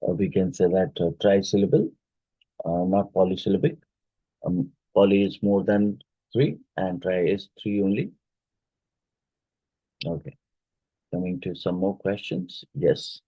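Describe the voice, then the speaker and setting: A man with an Odia-influenced Indian English accent gives an exam-prep phonetics lesson in a low, husky, mellow voice. He explains slowly, spells words out letter by letter and pauses on fillers. The sound is dry and close. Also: dry recording, rough recording. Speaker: teacher.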